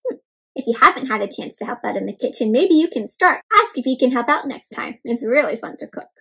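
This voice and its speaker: A young adult woman with a high voice reads a picture book aloud to children. She stops often to ask questions and gasps with excitement. Her delivery is animated and engaging. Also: quick pace, vocal fry, husky. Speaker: children's storyteller. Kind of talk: interactive read-aloud for kids.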